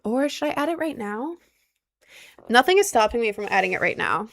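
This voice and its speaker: A woman's voice: a little high, very animated, fairly quick. A woman chatting casually on a livestream, rambling and talking straight to her viewers. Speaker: streamer and cosplayer.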